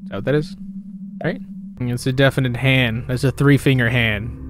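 A man's voice: medium pitch, normal speed, noisy background. A young man hosting a reaction video, giving casual comedic commentary that is sarcastic and full of swearing. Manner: animated, sarcastic, swears freely.

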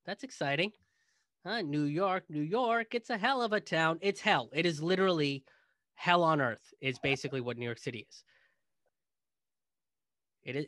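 Male comedian host, sarcastic monologue, fairly high pitch, dry booth-like sound. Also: a bit bright, no echo. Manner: sarcastic, mocking.

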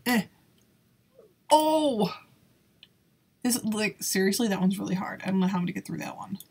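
A woman's voice: medium pitch, lively intonation, moderate pace, vocal fry, darkish tone, slightly rough. A woman giving casual gameplay commentary in a nervous, exclaiming way, laughing often. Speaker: YouTuber playing a video game.

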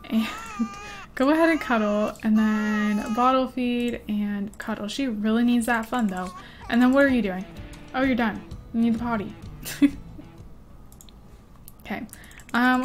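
Her voice is high-pitched, and the recording carries a faint hiss or hum. This young gaming YouTuber chats away while playing a life-sim, giggling, drifting off topic, and slipping into stories amid her rambling let's-play commentary.

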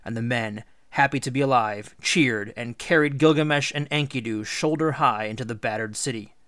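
A man's voice: mid-range voice, dry recording. Man reading a story aloud, dry. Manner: measured, expressive storytelling. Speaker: teacher. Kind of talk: read-aloud storybook narration.

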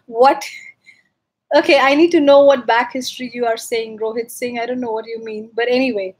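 A woman with a high voice chats casually on a livestream from her room at home. She reads out viewer comments and answers them in an upbeat, rambling way, with plenty of ums and uhs. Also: fairly even intonation, moderate pace, a little mellow, breathy edge. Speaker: bagpiper hosting a livestream.

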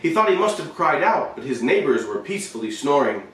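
A man reading a short story aloud, expressive, with shifting emphasis and the occasional slip. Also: on the high side, brisk, far from the mic. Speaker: reader. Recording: very echoey room, voice away from the mic.

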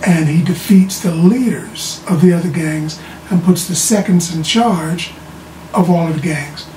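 A TV show reviewer giving a casual, animated episode recap, often repeating words as they restart sentences. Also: mid-range voice, measured pace. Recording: roomy sound from a distant mic with faint background noise.

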